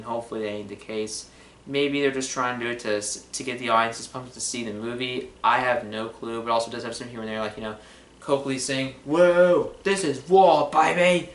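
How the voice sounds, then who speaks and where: A man's voice: medium pitch, a bit bright, slight background noise. A man casually reviewing movie trailers, rambling with lots of fillers and restarts. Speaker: film reviewer. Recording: roomy echo.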